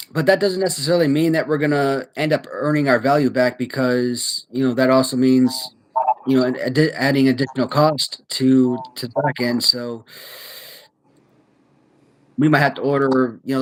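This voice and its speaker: A man hosting a casual chat, talking things through slowly with many fillers and restarts. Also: mid-range voice, slight background noise, low-quality recording. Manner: thinking aloud, hesitant, many fillers.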